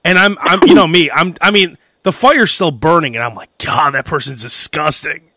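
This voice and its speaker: A young man hosting a casual podcast, telling a story in a lively way and acting out the shouting of the people in it. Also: high voice, a little fast, no room sound, clean studio sound. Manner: animated storyteller who acts out shouted quotes. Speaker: podcast host.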